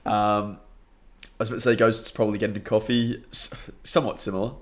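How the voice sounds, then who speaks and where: A man's voice: fairly low pitch, little pitch movement, fast. A young Australian man chatting upbeat on a late-night live stream, greeting viewers by name and laughing often, a bit tired. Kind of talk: casual live stream chat.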